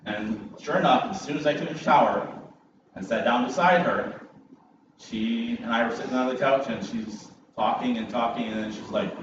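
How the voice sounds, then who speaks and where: At a measured pace and middle pitch, a visiting preacher begins his sermon by telling the congregation an animated story that pokes fun at himself. The mic is distant, so his voice rings through the big, echoey sanctuary, slightly muffled, with noticeable room ambience and background noise beneath.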